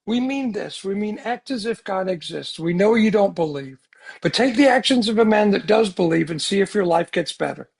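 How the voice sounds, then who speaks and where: A man giving an earnest, animated recovery talk full of rhetorical questions. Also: sits high, moderate pace, creaky, breathy edge. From United States. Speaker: speaker sharing recovery story.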